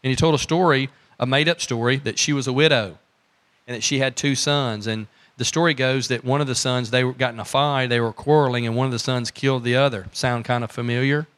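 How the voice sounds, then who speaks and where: A man's voice: medium pitch, steady tone, brisk, fairly bright tone. A man, a pastor preaching in church, telling stories in a folksy way and asking his congregation questions. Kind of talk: sermon.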